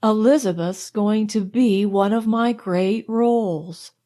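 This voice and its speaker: A woman's voice: medium pitch, slow, mellow, close to an everyday voice. A woman narrator voicing a confident young woman who fancies herself a singer, speaking in a self-assured, showy way. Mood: boastful.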